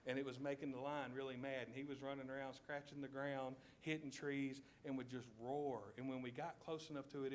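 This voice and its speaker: A man's voice: mid-range voice, slight background noise. A man with a Southern US accent preaching a sermon in church, telling a story vividly and asking his listeners to picture each scene.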